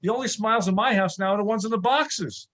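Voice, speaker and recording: A man from New York performing a stand-up set, with deadpan joke delivery. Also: high voice, fast talker. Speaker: stand-up comic.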